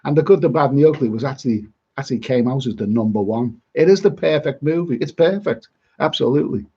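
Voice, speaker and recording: The dull lo-fi stream captures a middle-aged man from Liverpool, England vlogging his travels live, fast and expressive in a warm, slightly rough, medium-pitched voice. He rambles casually and repeats his words.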